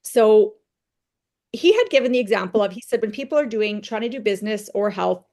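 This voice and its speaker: A woman at a middle pitch talks her team through a motivational training session. She speaks conversationally and keeps tagging her points with "right?" as she tells her own stories to make them land. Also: expressive, a little fast, warm tone.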